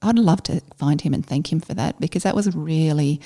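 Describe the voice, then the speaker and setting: A middle-aged woman recounts her army days in a relaxed, conversational way. Her voice sits low and gravelly with a warm, mellow tone. She talks haltingly, with plenty of fillers and restarts. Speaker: former army officer telling a story. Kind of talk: conversational storytelling.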